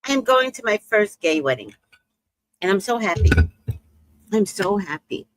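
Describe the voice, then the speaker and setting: A middle-aged woman casually telling a story about her shop, animated and swooping high when she acts out other people. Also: measured pace, dry recording.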